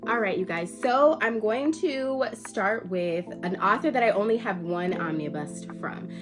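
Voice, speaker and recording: Over music, a book vlogger speaks at a measured pace in an expressive, medium-pitched voice. Allergies leave her sounding stuffy and nasal as she playfully chats to camera about her book collection, now and then swearing.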